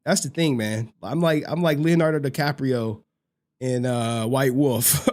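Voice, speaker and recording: A man hosting a livestream, reading super chats in excitable, slangy commentary that breaks into shouts and laughter. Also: mid-range voice, measured pace. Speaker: livestream host.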